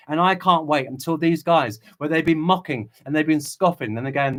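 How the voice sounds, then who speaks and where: A man's voice: on the high side, moderate pace, fairly bright tone. A man hosting a livestream, reading viewer chat and preaching with impassioned fervor. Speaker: channel host.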